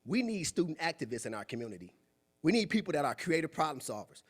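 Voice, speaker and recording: A young man giving a preachy, animated motivational talk at a club meeting, acting out quoted voices. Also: on the high side, fast. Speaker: guest speaker. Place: meeting room.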